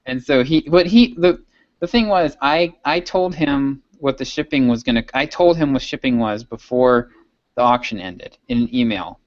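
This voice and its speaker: A man's voice: medium pitch, normal speed, no room sound. A man co-hosting a podcast, telling a rambling story in casual chat and laughing often. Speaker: podcast co-host. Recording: dull, dry lo-fi sound.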